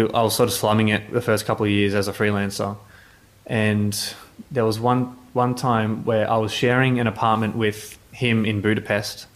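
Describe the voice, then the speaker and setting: A man, a journalist telling casual anecdotes in an interview, rambling with many restarts. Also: fairly low pitch. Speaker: motorsport journalist.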